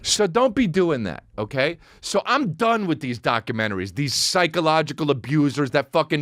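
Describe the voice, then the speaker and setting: Animated, high-voiced man ranting. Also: moderate pace, hardly any pauses, no echo, clean studio sound. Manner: sarcastic, swearing, mocking impressions. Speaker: podcast host. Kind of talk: comedic rant.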